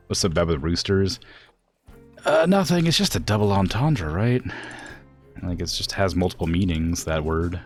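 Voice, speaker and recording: A man streaming a game, chatting casually and answering his chat with frequent laughs. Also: low-pitched.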